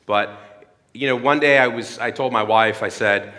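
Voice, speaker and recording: A man's voice: mid-range voice, normal speed, bright, forceful tone, long reverb tail. A man in his thirties giving an earnest sermon-like talk at a church. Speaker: speaker at a church. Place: church hall.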